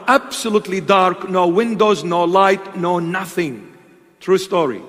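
A man preaching a sermon, telling a story slowly and dramatically with emphatic pauses. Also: high-pitched, a bit bright. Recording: long hall reverb.

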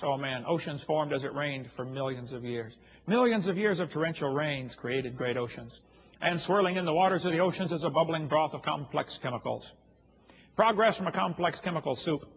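A man's voice: a little high, breathy edge, muffled recording. A man giving a humorous lecture to an audience, telling stories in a folksy, joking way. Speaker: creationist speaker.

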